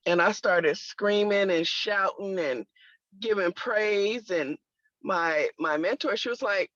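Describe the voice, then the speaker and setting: A woman's voice: mid-range voice, slow pace, a bit bright, no echo. A woman sharing a personal testimony in conversation, telling it emphatically with religious exclamations. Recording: dull lo-fi, dry sound.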